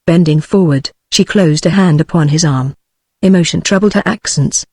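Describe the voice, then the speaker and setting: A text-to-speech woman's voice with a British English accent, reading a novel aloud in an even, uninflected way, giving every character the same voice. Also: on the low side, normal speed, breathy edge, no room sound. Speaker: audiobook reader. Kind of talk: synthetic audiobook narration.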